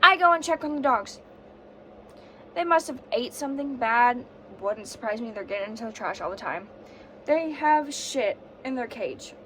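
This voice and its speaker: A woman's voice: a little high, expressive, moderate pace, fairly bright tone, slight background noise. Sick young woman ranting profanely. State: sick with fever and sore throat. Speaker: vlogger. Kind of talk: casual storytime vlog.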